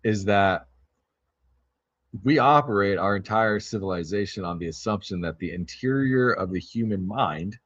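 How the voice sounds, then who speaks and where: A man hosts a podcast and chats casually, dropping offhand asides. His voice is low and deep. The audio is dull and lo-fi. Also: animated, normal speed, fairly bright tone, breathy edge. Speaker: podcast host. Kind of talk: casual commentary.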